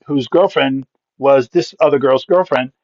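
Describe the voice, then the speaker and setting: A man in his fifties, a pastor and comedian, telling a comic story as a podcast guest with punchy delivery and quick asides. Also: medium pitch, a little mellow, no echo. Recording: dull, dry lo-fi sound.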